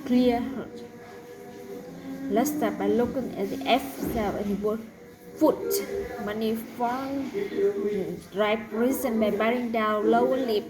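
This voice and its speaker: A woman teaching a pronunciation lesson, saying each example word slowly and carefully. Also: fairly high pitch, poor audio. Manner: slow, deliberate, drawn-out example words.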